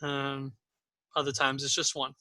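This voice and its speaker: A man's voice: medium pitch, monotone, a little slow, pushed and bright, dry recording. A man acting as game master, patiently explaining the game and encouraging new players, with frequent ums.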